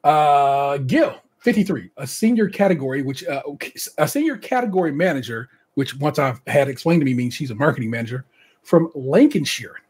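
A man's voice: fairly high pitch, expressive, moderate pace, a little mellow, breathy edge. A man hosting a casual podcast, reading out contestant bios and breaking off for chatty asides and laughter. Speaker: podcast host.

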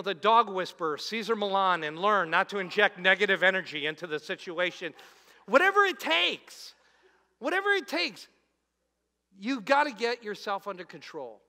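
A man preaching a sermon as pastor, animated, swinging from loud emphasis to soft, low asides. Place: church auditorium. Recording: long hall reverb.

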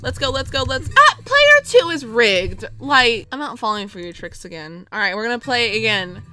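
A young woman giving excitable gameplay commentary, shouting and groaning as she plays. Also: on the high side, moderate pace, soft background music. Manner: shouts and wails at losses, excitable. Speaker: gaming video host.

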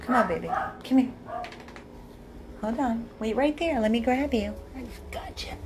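A woman's voice: fairly high pitch, moderate pace, darkish tone, a little hiss or hum. A woman, a dog rescuer, filming one-handed on her phone at home at night, cooing to her dogs in sing-song baby talk and chatting casually to viewers. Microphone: handheld phone, filmed one-handed.

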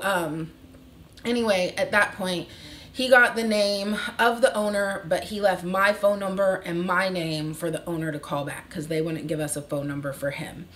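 A woman's voice: on the low side, slight background noise. A woman in her thirties telling a story in a casual vlog, acting out the voices of the people in it. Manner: animated, acts out quoted voices. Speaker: vlogger.

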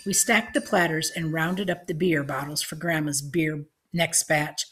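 A woman reading an audiobook, narrating with measured storytelling. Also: sits low, steady tone, fairly bright tone, slightly rough.

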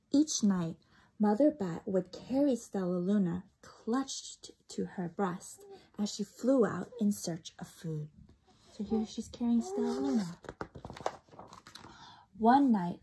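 A woman teacher reading a picture book aloud to a child, with slow, expressive storytelling and hushed asides. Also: mid-range voice, creaky, slightly rough, rough recording.

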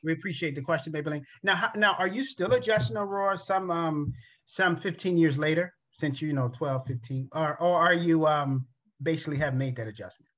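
A man's voice: on the high side, fairly quick, fairly bright tone. A man hosting a talk show, enthusiastically greeting his guest and reading out viewer questions. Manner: enthusiastic, complimentary, hesitant fillers. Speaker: host.

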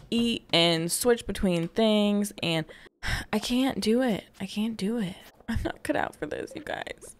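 With a mid-range voice, a woman YouTuber chats casually through a let's-play, poking fun at herself and exclaiming often. There's slight background noise along with faint game music behind her.

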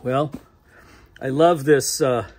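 Husky-voiced American pastor preaching. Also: male voice, mid-range voice, fairly even intonation, slow pace, darkish tone. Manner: conversational, chuckles often between phrases. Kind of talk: sermon. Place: church sanctuary.

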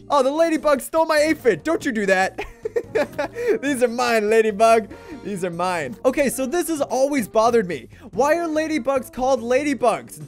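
A man giving playful let's play commentary, making goofy puns and laughing often. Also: very high voice. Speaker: gaming video creator.

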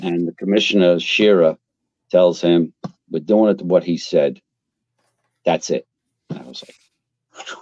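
An older New man with a low voice tells stories in a blunt, salty way. He sounds mellow and dry, close to the mic. The recording is dull and lo-fi. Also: unhurried, long pauses, no echo. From Queens, New York. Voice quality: blunt, profane, animated storyteller. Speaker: retired fire captain, guest. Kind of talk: casual storytelling interview.

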